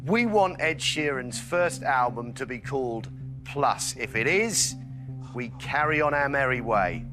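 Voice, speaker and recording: A man's voice: medium pitch, animated, measured pace. A man hosting a quiz show, jokey and encouraging, often laughing between questions. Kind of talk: upbeat game show hosting. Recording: studio with loud background music. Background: music.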